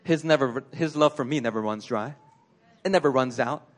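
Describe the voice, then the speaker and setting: A male pastor giving a conversational sermon in a church, telling personal stories with animated delivery and laughter. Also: medium pitch, normal speed.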